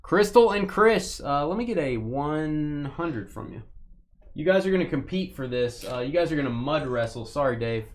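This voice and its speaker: A man's voice: on the high side, expressive, normal speed. Joking man hosting a card break. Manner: joking, teasing, rambling. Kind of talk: live stream card break commentary.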